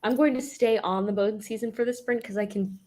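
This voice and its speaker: A woman's voice: on the high side, fairly even intonation, fairly quick, darkish tone. A woman chatting casually on a video call, dry and matter-of-fact, with a teasing edge. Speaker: guest reader on a video call. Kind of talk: casual chat.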